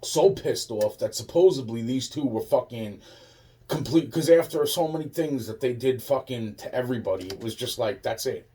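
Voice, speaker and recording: A man's voice: mid-range voice, moderate pace, mellow, recorded from a distance. A man in a rambling, profane monologue, restarting his sentences again and again.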